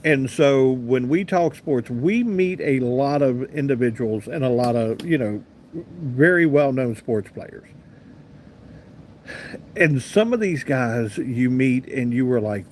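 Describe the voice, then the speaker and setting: Man, 50s, talk host, casual anecdotal storyteller, middle pitch, faint background hiss. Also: darkish tone. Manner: chatty, rambling anecdotal delivery with asides to viewers. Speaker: radio talk show host. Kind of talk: casual live-stream storytelling, reading chat comments.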